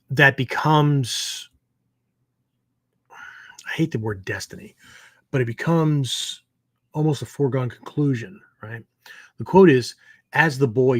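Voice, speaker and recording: A man with a husky, slightly breathy voice at a middle pitch, teaching in a loose, rambling way. He keeps checking in with his listeners through fillers and tag questions. The sound is close and dry. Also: no echo. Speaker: martial arts teacher and show host. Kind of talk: casual spoken lecture.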